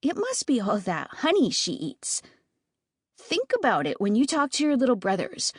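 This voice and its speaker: A woman voicing an eager, admiring little sister in a high, sweet girlish voice for an audiobook. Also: huge pitch swings, normal speed, slightly rough, no room sound, studio quality, full character voice. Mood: adoring.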